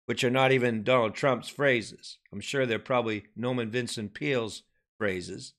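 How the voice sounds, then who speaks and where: A man preaching a dramatic sermon, hammering questions at his listeners and then sinking to a low, grave tone. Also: moderate pace, fairly bright tone. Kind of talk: impassioned sermon commentary.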